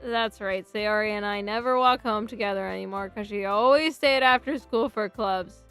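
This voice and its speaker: A woman's voice: mid-range voice, moderate pace, fairly bright tone, clean tone, soft background music. A woman streamer chatting casually and reading game text aloud, often breaking into giggles. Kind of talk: casual let's-play commentary.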